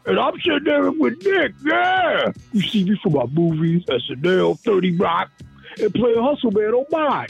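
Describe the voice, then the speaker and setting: A man doing a loud, brash impression of a famous male comedian, tossing out "yo" and "yeah". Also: moderate pace, vocal fry, breathy edge, muffled recording, faint music behind, full character voice. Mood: boisterous. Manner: high excited voice, repeats "yo" and "yeah".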